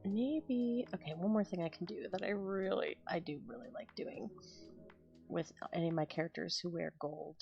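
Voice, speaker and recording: A woman's voice: lowish voice, normal speed, gravelly, highs cut off, soft background music. A woman streaming her drawing, chatting casually and rambling to her viewers in a self-deprecating way. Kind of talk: casual chat while drawing.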